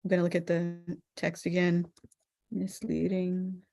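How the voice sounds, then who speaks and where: A woman moderating an online scripture study discussion, speaking thoughtfully with frequent pauses and fillers. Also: on the low side, fairly even intonation, a little mellow. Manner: thoughtful, hesitant, many fillers.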